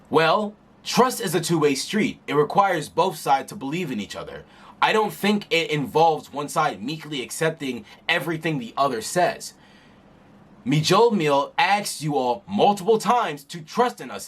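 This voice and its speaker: A man's voice: fairly high pitch, big pitch swings, unhurried, slightly rough, exaggerated voice. A man voicing a blunt, unbending young slime demon lord while reading a manga aloud, in a firm, reasoning manner. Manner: firm, matter-of-fact, reasoning.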